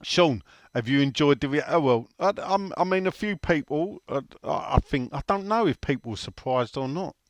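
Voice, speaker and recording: A man's voice: a little high, expressive, moderate pace, no room sound. A man co-hosting a casual podcast, teasing his co-host and reading out listener questions. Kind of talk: casual chat.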